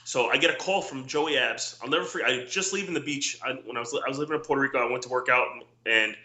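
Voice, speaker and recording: A middle-aged man with a very bright, forceful voice spins rambling stories, acting out the quotes of people he talks about. His voice rings in an echoey room. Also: mid-range voice, fast talker. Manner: rambling anecdotes with quoted dialogue, many restarts. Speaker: former wrestler, guest. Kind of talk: casual storytelling interview.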